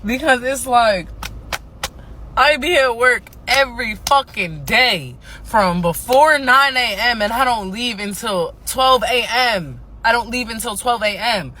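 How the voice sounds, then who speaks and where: A woman's voice: fairly high pitch, expressive, measured pace, pushed and bright. A worn-out woman ranting casually, frustrated, swearing and repeating herself. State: exhausted. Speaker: TikTok ranter.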